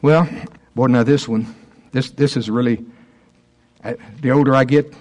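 Minister in his sixties, casual teaching to a small group; halting delivery with frequent restarts. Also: mid-range voice, steady tone, darkish tone. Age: 60s. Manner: halting, stops and restarts often, chuckles between thoughts. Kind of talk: informal teaching talk.

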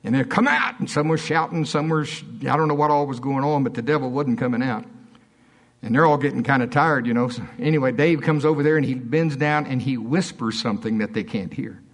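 Man, pastor, sermon, husky voice, storytelling, lively swings in pitch. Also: brisk. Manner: storytelling preacher, swings between high animated quotes and low asides.

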